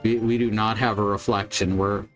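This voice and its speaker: A man's voice: fairly low pitch, flat delivery, brisk, a bit bright, faint music behind. A man streaming a video game, chatting casually with a rambling, wry manner and casual swearing. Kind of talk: casual gameplay chat.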